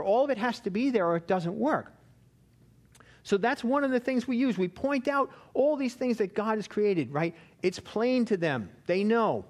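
High-voiced man teaching a Bible class. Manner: chatty, checks in with listeners with "right?".

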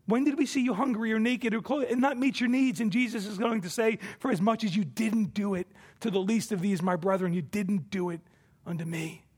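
A man preaching a sermon from the pulpit, emphatic, his voice swelling for quoted scripture and dropping low and soft on key points. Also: steady tone, brisk, breathy edge. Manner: emphatic preaching, rising and falling in volume. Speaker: pastor.

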